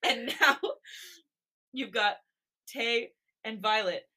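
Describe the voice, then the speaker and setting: Bright-voiced woman reading a romance story. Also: on the high side, slow. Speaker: podcast co-host. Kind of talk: reading a romance fanfic aloud, with chat.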